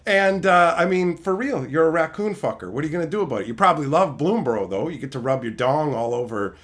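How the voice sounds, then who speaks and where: A man's voice: fairly high pitch, lively intonation, quick pace, fairly bright tone. A man streaming live, ranting casually with lots of swearing, mocking jabs and laughter. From Canada.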